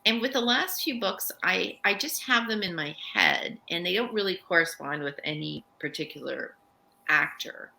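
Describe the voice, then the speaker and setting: A woman's voice: fairly low pitch, animated, moderate pace, creaky, bright, forceful tone, poor audio. A middle-aged woman author on a video call, talking thoughtfully and searching for her words. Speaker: author guest. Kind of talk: casual interview chat.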